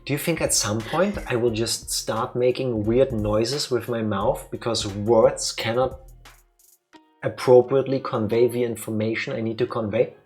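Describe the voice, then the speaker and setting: A man chats casually while playing a game, excitable and rambling as he spins joking theories. Faint game music sits behind his voice. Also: medium pitch, normal speed. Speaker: let's play co-host. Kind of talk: casual gameplay chat.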